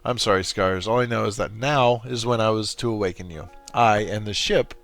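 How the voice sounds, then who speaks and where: A man reading the lines of a calm female ship AI in a game, in a measured, explanatory way. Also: on the low side, gravelly, faint music behind. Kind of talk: reading game dialogue aloud.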